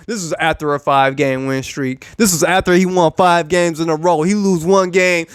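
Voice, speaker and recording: High-voiced man ranting sarcastically. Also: normal speed, few pauses, smooth, no room sound, studio quality. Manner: animated, profane, repeats phrases. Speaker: YouTube sports commentator. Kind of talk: casual ranting commentary.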